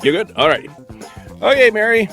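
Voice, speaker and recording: A man's voice: sits high, very animated, normal speed, pushed and bright, soft background music. A man hosting a comedy game show podcast, joking, laughing and stumbling over his reads. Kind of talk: casual comic hosting.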